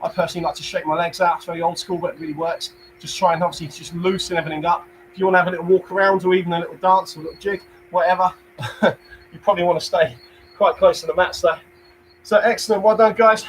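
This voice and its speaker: The audio is rough, with a faint underlying hum, as a young London fitness instructor talks fast through a home workout. His voice is high for a man and he's energetic, counting reps, urging viewers on and cracking jokes along the way.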